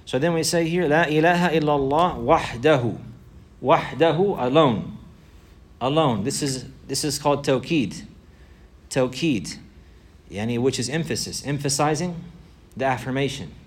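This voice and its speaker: A man teaching a religious lesson, repeating key phrases for emphasis and reciting Arabic phrases quickly. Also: medium pitch. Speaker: Islamic teacher.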